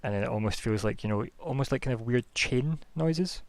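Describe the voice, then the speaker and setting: A man's voice: medium pitch, a little fast, no room sound. A man narrating a tabletop game as game master, rambling with lots of fillers.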